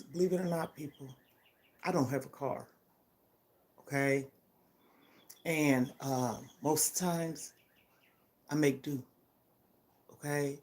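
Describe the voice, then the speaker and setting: A woman's voice: low voice, fairly even intonation, slow pace, pauses often, a little mellow. An older woman talking to her vlog audience in a heartfelt, emphatic way, often checking in with her listeners. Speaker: vlogger. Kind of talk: casual personal vlog chat.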